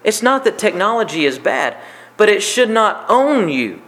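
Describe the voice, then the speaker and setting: A man's voice: sits high, sing-song, normal speed, fairly bright tone. A man preaching a sermon, repeating key lines for emphasis. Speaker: pastor.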